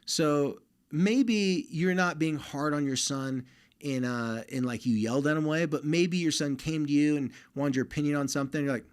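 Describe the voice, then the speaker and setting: Hosting a podcast at normal speed, a man with a clean-toned voice on the high side speaks straight to dads in the audience. His manner is direct and casual as he advises them about connecting with their sons.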